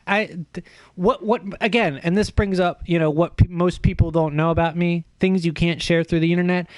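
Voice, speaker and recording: Streamer guy rambling a story, swears a lot, jokes at his own expense, kinda high voice, dry sound. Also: smooth, no room sound. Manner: profane, animated, self-mocking. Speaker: livestreamer. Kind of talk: casual storytelling stream chat.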